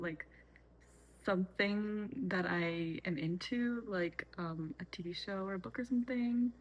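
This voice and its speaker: A young woman chats off the cuff at home, rambling and correcting herself as she goes. Her voice sits a little low but has a bright, forceful edge. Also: low-quality recording. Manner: rambling, chatty, frequent fillers and self-corrections. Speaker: vlogger. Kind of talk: unscripted casual chat. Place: home, making tea.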